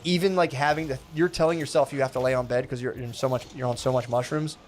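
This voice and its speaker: A young man with a mid-pitched voice tells a story in a loose, rambling way, dropping filler words and swearing freely. When he quotes people his pitch jumps around. A little room ambience sits faintly behind him. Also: steady tone, fast talker, slight background noise. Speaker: streamer telling a story. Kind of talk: casual storytelling.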